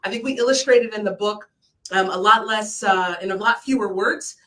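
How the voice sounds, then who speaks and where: A middle-aged woman tells a reflective story in an earnest, animated way, acting out what people said along the way. Her voice sits in a middle register and sounds a little distant from the microphone, as on a video call. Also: medium pitch, moderate pace. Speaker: author and former military commander. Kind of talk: storytelling at a virtual book launch.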